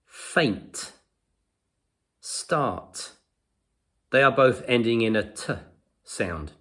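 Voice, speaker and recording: A man teaching English pronunciation in a patient lesson, saying example sounds slowly and repeating them. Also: medium pitch, expressive, a bit bright. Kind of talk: slow explanatory lesson to camera.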